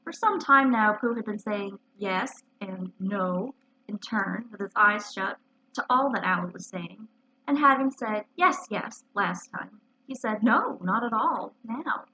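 Lady librarian reading a storybook out loud, lively and bright, kinda muffled lo-fi audio. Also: mid-range voice, moderate pace. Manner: expressive, animated reading. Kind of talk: storybook read-aloud. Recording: dull lo-fi recording.

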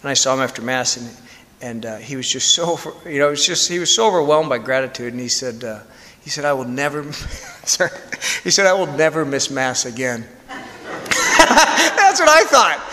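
A priest telling a story in a candid, conversational sermon with self-deprecating humor. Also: male voice, mid-range voice, a little fast, bright, forceful tone. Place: church. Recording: long church reverb.

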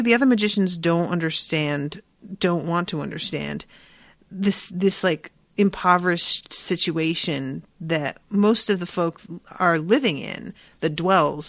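A woman's voice: fairly low pitch, no echo. Frank, cursing woman podcaster. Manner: frank, profane, conversational with fillers. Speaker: podcast host. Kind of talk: casual book discussion and reading aloud.

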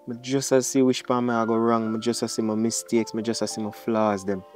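A man's voice: medium pitch, level tone, a little fast, lightly acted. A man playing a remorseful son with a Jamaican accent. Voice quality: Jamaican patois phrasing, pleading. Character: remorseful grown son pleading to his mother. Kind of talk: emotional drama monologue. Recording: music playing underneath.

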